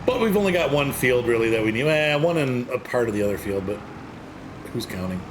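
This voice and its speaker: A man's voice: mid-range voice, lively intonation, a little fast. Guy casually chatting while farming in a game, laughs a lot, engine noise all over the track. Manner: rambling, chatty, laughs often. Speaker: gameplay streamer. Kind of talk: casual gameplay commentary. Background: farm vehicle noise from the game.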